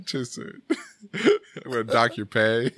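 A young man riffing on a podcast, his voice bright and lively as it jumps up and down. He laughs between lines and keeps saying "dude". The sound is close and dry. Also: medium pitch, takes it slowly, no echo. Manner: laughing often, joking, says "dude" a lot. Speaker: podcast co-host. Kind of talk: casual banter. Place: Texas.

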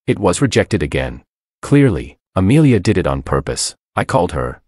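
Reading a story told in the first person, this narrator voices each character with just light shifts. His voice is very low and darkish yet moves broadly up and down in a sing-song manner at a normal pace. The sound is close and dry, without any echo.

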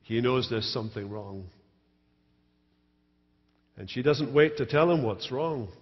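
A pastor delivers a sermon in a large church, mixing storytelling with dry humor. His mid-range voice is unhurried with a breathy edge. The live stream sounds dull, and the church hall is reverberant.

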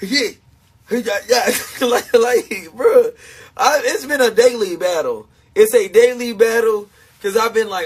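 A man livestreaming to his supporters, talking in a confessional, self-mocking way and swinging between shouting and hushed talk. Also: high voice, takes it slowly, breathy edge. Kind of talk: emotional livestream monologue.

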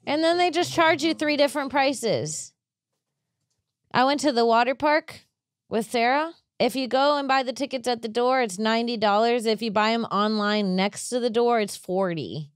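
A woman's voice: fairly high pitch, moderate pace, dry recording, clean studio sound. A woman in her thirties hosting a podcast, ranting emphatically in casual chat and swearing freely. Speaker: podcast host.

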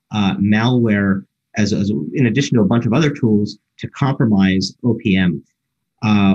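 A man speaks in a low register with a slightly husky voice, giving a keynote talk. He explains things step by step and often restarts his phrases with fillers. The audio sounds dull and lo-fi. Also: darkish tone.

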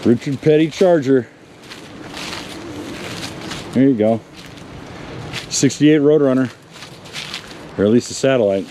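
Out in a wooded salvage yard, a car magazine presenter takes viewers on an easygoing look at old cars, speaking to them and to the vehicles themselves. His medium-pitched voice moves slowly with long pauses, against a noisy backdrop.

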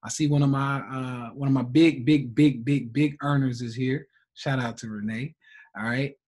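A man's voice: mid-range voice, steady tone, moderate pace, a little mellow. A man running a live trading class, blunt and profane, laughing often between points.

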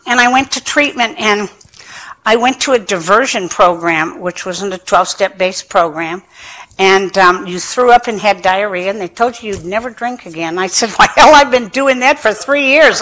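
Animated woman telling her own story. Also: mid-range voice. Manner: animated storytelling, acting out quoted dialogue; self-mocking humor with frequent laughter. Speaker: addiction specialist speaker. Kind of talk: personal recovery story in a lecture.

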